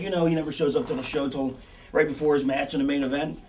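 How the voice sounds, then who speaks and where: A man's voice: a little high, fairly even intonation, fast talker, a little mellow, distant mic, a little hiss or hum, poor audio. A man backstage walking through a planned wrestling match, rambling and profane, with many fillers and restarts.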